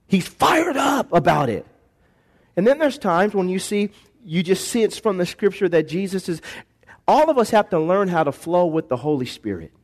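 High-voiced preacher man, swinging loud and soft. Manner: call-and-response preaching, shifts from soft to shouted. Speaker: pastor. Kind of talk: sermon. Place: church sanctuary. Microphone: handheld or stand microphone.

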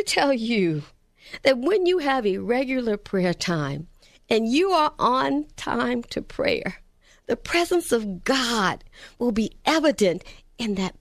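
Fervent high-voiced woman preaching. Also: big pitch swings, unhurried, a bit bright, no room sound, clean studio sound. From Texas. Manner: fervent, storytelling, dropping to whispers. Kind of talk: sermon on prayer.

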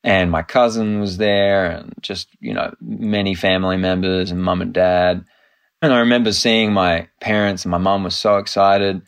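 An Australian man in his thirties, an actor guest in a casual interview, telling stories in an animated, laughing way. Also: deep voice, moderate pace, smooth.

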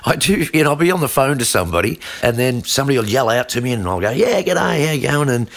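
A man's voice: medium pitch, expressive, rapid-fire, fairly bright tone. An Australian man co-hosting a podcast in casual chat, rambling and self-deprecating with lots of fillers. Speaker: podcast co-host.

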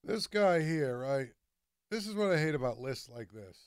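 A man in casual sports talk who tells stories in an animated, excitable way. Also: on the high side, moderate pace, smooth, no room sound, clean studio sound.

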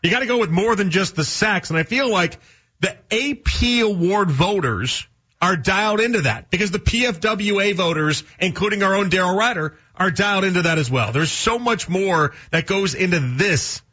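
A man's voice: high-pitched, expressive, moderate pace, pushed and bright. A man hosting a sports talk radio show, rambling through folksy analogies and chatting with callers. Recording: dull lo-fi radio broadcast sound.

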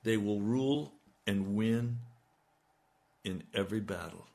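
A man's voice: fairly low pitch, unhurried, gravelly, a little mellow. A man preaching a sermon, building to emphatic, urgent appeals. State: hiccups. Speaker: radio preacher.

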